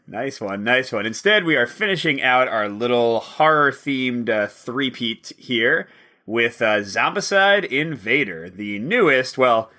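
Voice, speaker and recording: Brief: male board game podcast co-host, bright, chatty, laughs at himself. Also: medium pitch, animated, measured pace. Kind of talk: casual chat.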